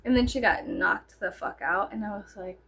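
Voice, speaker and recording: A woman's voice: medium pitch, expressive, moderate pace, gravelly, fairly bright tone, husky. A woman in her thirties from South Texas rambling through a casual story with heavy fillers and free swearing. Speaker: storyteller vlogger. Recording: faint background noise.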